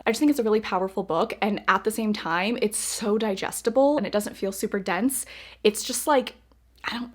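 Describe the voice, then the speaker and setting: A young woman vlogging about books, gushing and effusive, repeating words for emphasis. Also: mid-range voice. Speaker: book vlogger. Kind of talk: casual reading vlog chat.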